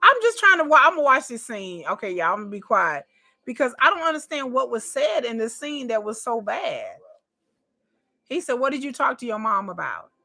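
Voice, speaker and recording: A woman with a slightly high, sing-song, sharp voice reacts casually to a reality show at a fairly quick clip. She's chatty and repetitive, swears, and speaks straight to her viewers as "y'all."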